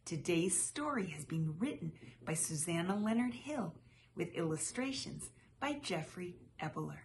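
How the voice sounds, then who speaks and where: Animated woman reading a picture book. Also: fairly low pitch, moderate pace, a little hiss or hum. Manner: lively, expressive storytelling. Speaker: children's storybook reader.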